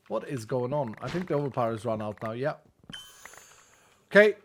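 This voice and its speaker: A man's voice: mid-range voice, animated, brisk, pauses often, slight background noise. A man chatting casually and tiredly to viewers while streaming a game, joking and thinking aloud. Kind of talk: casual gaming livestream chat.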